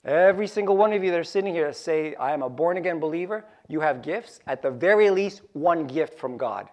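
A man preaching a sermon to his congregation, lively and jokey, repeating key phrases for emphasis. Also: fairly high pitch, brisk. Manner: animated, joking asides, repeats key phrases. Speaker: pastor.

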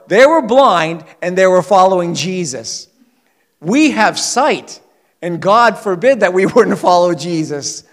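Man preaching in a reverberant hall. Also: on the high side. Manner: expressive preaching, dropping soft for quotes and rising loud for emphasis. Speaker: pastor. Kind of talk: sermon.

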